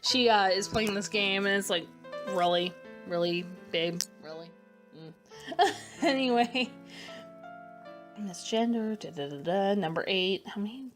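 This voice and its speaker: A young woman with a mid-range voice gives a casual voice-over. She talks candidly and loosely, stopping to correct herself and trailing off. Clear background music plays under her words. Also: medium pitch, animated, unhurried, pauses often, fairly bright tone. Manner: candid and rambling, with frequent fillers and self-corrections. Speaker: vlogger answering a tag.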